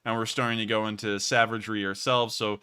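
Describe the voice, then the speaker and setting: A man hosting a casual livestream and answering viewer donations. He deliberately pushes his voice higher to keep his delivery lively. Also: clean tone. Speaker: livestream host reading donations.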